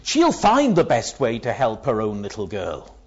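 A man's voice: on the low side, huge pitch swings, unhurried, slightly rough. A man preaching a sermon, asking rhetorical questions and telling illustrative stories, in a dull lo-fi recording.

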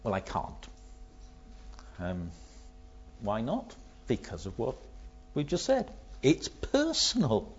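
A man's voice: mid-range voice, wildly swooping pitch, slow, pauses often, slight background noise. A man preaching a sermon, asking rhetorical questions and telling illustrative stories, in a dull lo-fi recording.

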